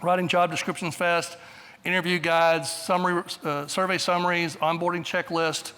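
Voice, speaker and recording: A man's voice: on the high side, level tone, normal speed, pushed and bright, clear, resonant tone, long reverb tail. A man in his sixties giving a conference presentation, blunt, straightforward and brief in manner. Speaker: conference speaker. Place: large conference hall.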